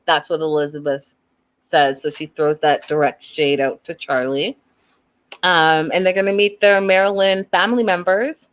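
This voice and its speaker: Woman host, slightly low pitch, animated opinionated recap commentary. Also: normal speed. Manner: animated, opinionated, acts out quotes. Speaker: show host reviewing reality TV.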